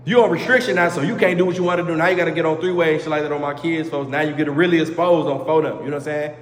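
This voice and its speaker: Fast-talking slangy man, echoey room. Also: on the high side, slight background noise. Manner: slangy, repeats street oaths and "folks" constantly; animated, acts out heated quotes. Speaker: vlogger telling a story. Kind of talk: casual storytime. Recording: echoey room with long reverb.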